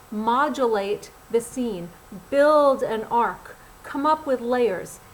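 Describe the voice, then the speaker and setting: A middle-aged woman speaks as a casting director coaching actors, her voice sitting a little high. She is blunt and animated, talking casually straight to the listener. A faint ambient hum sits behind her. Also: low-quality recording. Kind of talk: direct-to-camera acting tips. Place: Los Angeles.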